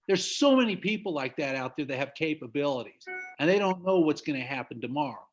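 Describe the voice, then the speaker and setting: Middle-aged american guy on a zoom call, pumped up, preachy, kinda high voice. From United States. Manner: emphatic, preachy, laughs at own stories. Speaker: business trainer. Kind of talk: motivational talk on a video call. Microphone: video call.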